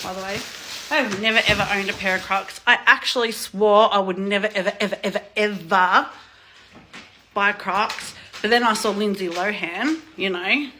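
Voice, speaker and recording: Excitable bright-voiced woman unboxing. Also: medium pitch, a little hiss or hum. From Australia. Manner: excitable, gushing, swears freely. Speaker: vlogger. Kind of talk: casual unboxing vlog.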